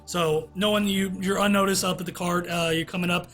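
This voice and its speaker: A man narrating as game master in a tabletop game, halting, with many fillers. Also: sits high, flat delivery, a bit bright, soft background music.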